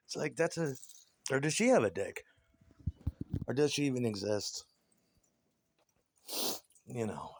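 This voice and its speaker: Man ranting in a casual interview, foul-mouthed and scornful, pitch swinging up and down a lot.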